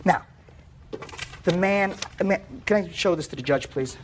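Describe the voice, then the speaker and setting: Man, high-pitched, animated courtroom testimony, repeats words, tumbling delivery. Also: normal speed, slight background noise. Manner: excitable, repeats and stumbles over words. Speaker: plaintiff in a TV courtroom case.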